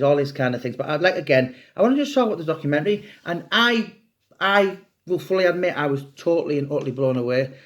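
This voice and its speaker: A middle-aged man and author talking casually and at length, rambling and chatty with some swearing. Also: medium pitch. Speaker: true crime author. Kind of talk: casual monologue to camera.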